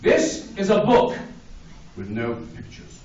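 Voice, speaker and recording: A woman's voice: extremely low pitch, wildly swooping pitch, slow, a little mellow. A woman reading a book aloud to a group of children at a library, playful and full of mock dismay. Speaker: children's storyteller. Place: public library, large echoey room. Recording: echoey, distant, dull, noisy library recording. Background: children's voices and laughter.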